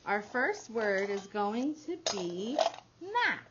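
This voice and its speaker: A woman teaching a small phonics group, stretching out each sound slowly and praising the children often. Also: mid-range voice, sing-song. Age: adult. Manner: slow, drawn-out sounding out of words with encouraging praise. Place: classroom. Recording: dull lo-fi classroom recording with faint noise.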